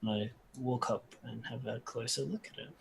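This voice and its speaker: A man playing a tabletop game, thinking out loud with hesitant, restarting speech. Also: mid-range voice, fairly even intonation, moderate pace, creaky, husky. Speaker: player. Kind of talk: casual in-character game talk.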